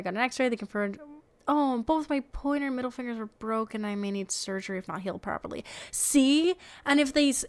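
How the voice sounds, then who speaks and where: A woman's voice: fairly high pitch, a little mellow. A young woman reads online posts aloud on her stream and talks over them in a casual, chatty way. She sounds incredulous at what she reads, laughs often and swears without a second thought. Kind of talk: casual reaction commentary.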